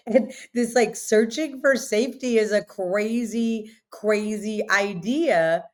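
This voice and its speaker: A woman's voice: medium pitch, takes it slowly. A woman guest in an interview, telling her story emphatically and often saying "like" as she talks. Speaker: interview guest, restaurant owner. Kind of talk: candid conversational interview.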